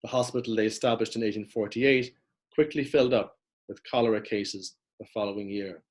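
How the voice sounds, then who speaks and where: A man's voice: fairly low pitch, steady tone. A man giving a prepared lecture, reading steadily from notes as he walks through maps. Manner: measured, reads from notes with map references.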